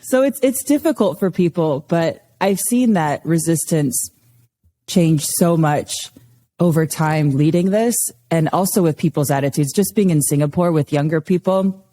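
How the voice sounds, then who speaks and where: Mellow-voiced woman yoga teacher. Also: deep voice, measured pace, in a large hall. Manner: storytelling, laughs often. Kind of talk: casual interview chat.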